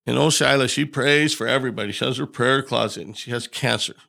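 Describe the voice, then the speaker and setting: A man's voice: medium pitch, fast, creaky, sharp tone. A man who is a podcast guest, telling a story in a casual way and acting out the dialogue he quotes.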